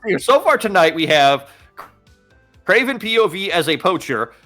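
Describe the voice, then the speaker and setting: A man co-hosting a casual podcast in a bright, somewhat high voice. He rambles through loose thoughts, filling gaps with "uh" and quick laughs. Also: sing-song, soft background music. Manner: rambling, laughs often, many fillers. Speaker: podcast co-host. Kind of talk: casual chat.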